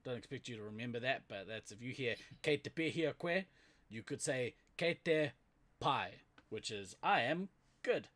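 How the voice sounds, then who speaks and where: A man with a New Zealand accent co-hosts a podcast in loose, casual chat. He talks at an average pitch, laughs often and fills his pauses with "um". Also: animated, a bit bright. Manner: laughs often, chatty and loose, trails off with fillers. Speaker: podcast co-host.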